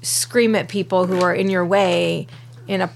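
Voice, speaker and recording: A woman co-hosting a casual podcast chat, talking calmly and reasoning things out with gentle teasing. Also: lowish voice, measured pace, creaky. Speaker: podcast co-host.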